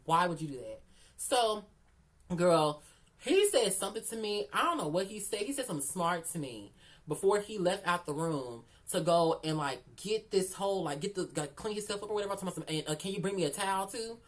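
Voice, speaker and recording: Low-voiced woman telling a candid story. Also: animated, normal speed. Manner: candid, profane, keeps calling the listener "girl"; repeats phrases for emphasis. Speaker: storyteller vlogger. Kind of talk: casual storytime chat.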